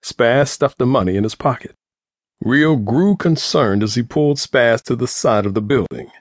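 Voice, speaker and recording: A man's voice: mid-range voice, normal speed, no room sound. Male audiobook narrator, dry studio sound.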